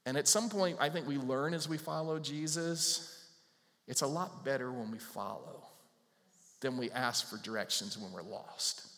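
Animated male pastor in a reverberant hall. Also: medium pitch, normal speed. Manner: animated, acts out voices, asks the congregation questions. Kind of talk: sermon.

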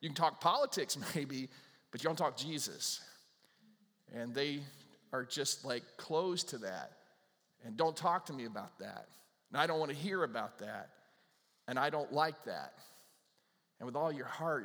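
A man preaching a sermon to his congregation in a conversational, animated way, acting out little back-and-forth exchanges. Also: medium pitch, measured pace, pauses often, big-room sound. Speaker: pastor. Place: church sanctuary with a live congregation.

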